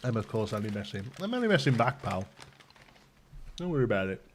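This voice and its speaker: A man's voice: lowish voice, big pitch swings, fast talker, slight background noise. A young man hosting a live stream, chatting casually with viewers and joking with laughs. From Britain. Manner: joking, laughs often, banters with chat. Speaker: livestream host.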